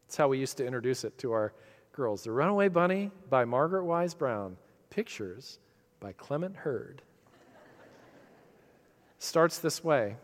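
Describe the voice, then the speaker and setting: Earnest middle-aged pastor in echoing hall. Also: male voice, a little high. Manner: earnest, reflective preaching that swells and softens. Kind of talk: sermon.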